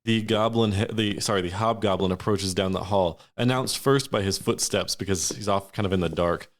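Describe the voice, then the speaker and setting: A low-voiced man runs a tabletop fantasy game as game master. He narrates scenes at length, often circling back and restarting his sentences as he describes them. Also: moderate pace. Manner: descriptive, many fillers and restarts.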